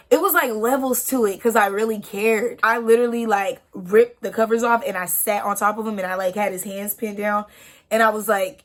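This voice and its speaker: A woman's voice: mid-range voice, steady tone, moderate pace. Young woman vlogger, twenties, candid emotional storyteller, filler-heavy. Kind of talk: storytime vlog.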